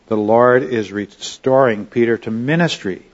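A man's voice: mid-range voice, measured pace, muffled recording. A man teaching a Bible study lesson in a conversational way, often checking in with his listeners.

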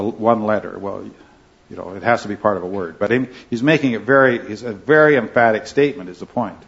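A man teaching an informal Bible class in an indoor classroom, rambling and halting with many fillers and restarts. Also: lowish voice. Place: indoor classroom with a wall clock. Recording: slightly muffled recording.

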